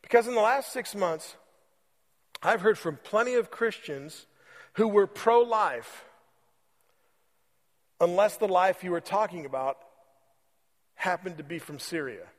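A man preaching a sermon as pastor, conversational and repeating phrases for emphasis, slowing on key words. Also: sits high, big-room sound. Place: church sanctuary.

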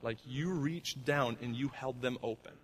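A middle-aged man preaches to his church in a relaxed, conversational way. He leans on everyday fillers and often drops soft and low when he wants a line to sink in. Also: unhurried, slight background noise. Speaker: pastor. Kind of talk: sermon.

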